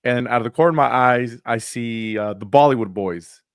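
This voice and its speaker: A man's voice: medium pitch, moderate pace, smooth, no room sound, clean studio sound. Laid-back swearing man telling stories. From Sacramento, California. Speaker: podcast co-host. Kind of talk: casual chat.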